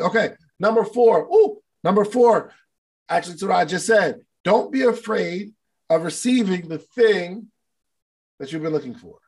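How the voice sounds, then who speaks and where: A man giving a casual motivational talk to a live online audience, animated and playful, acting out little scenes. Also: on the high side. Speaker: motivational speaker.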